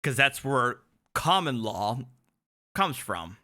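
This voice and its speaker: A man's voice: mid-range voice, very animated, slow, bright, forceful tone. A man, an attorney, giving sardonic, incredulous livestream commentary on clips he plays.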